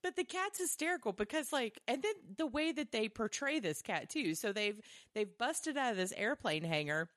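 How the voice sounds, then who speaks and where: A woman co-hosting a podcast, chatting casually about a movie in an animated way, swearing freely as she retells scenes. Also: on the high side, normal speed, hardly any pauses, no echo, clean studio sound. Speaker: podcast co-host. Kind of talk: casual movie review chat.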